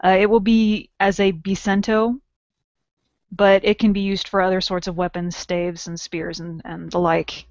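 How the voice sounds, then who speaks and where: A woman's voice: medium pitch, flat delivery, normal speed, a little mellow, no echo, lo-fi sound. A woman hosting a casual podcast in an upbeat, chatty way. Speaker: podcast host.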